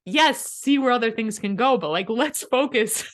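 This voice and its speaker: A woman's voice: fairly high pitch, expressive, normal speed. A woman, a comedian, chatting casually about building sets, laughing often and acting out her inner voice.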